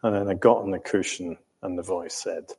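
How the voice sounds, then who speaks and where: An older man from England tells his story slowly and hesitantly, pausing on ums and starting over. His voice sits low and sounds a little husky. The sound carries a long reverb, as if recorded in a hall. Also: steady tone, darkish tone. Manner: hesitant, full of ums and restarts, chuckling. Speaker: interviewee recounting his life. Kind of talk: reflective storytelling.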